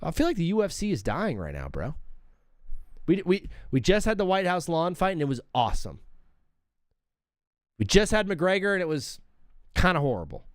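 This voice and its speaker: Male sports talk host, 30s, slightly high, rambling and casual, drops "bro" constantly. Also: normal speed, long pauses, dry recording, clean studio sound. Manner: rambling, animated, says "bro" a lot.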